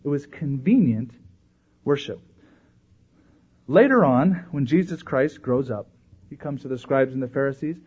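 A man preaching a sermon in an animated way, acting out voices when he quotes people. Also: medium pitch, a little slow, long pauses, breathy edge. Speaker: pastor. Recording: dull lo-fi recording.

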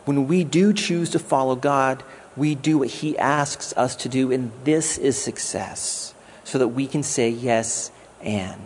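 A man's voice: medium pitch, measured pace, a little hiss or hum. A man giving a sermon as a guest pastor, in a conversational way with jokes. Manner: conversational preaching with jokes and acted quotes.

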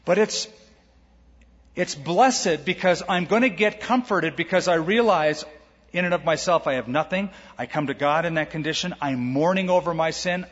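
A man pastor preaching a sermon, lively, acting out quoted voices with humor. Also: fairly high pitch, breathy edge. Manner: animated, acts out quoted voices with jokes. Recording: echoey hall, dull lo-fi sound.

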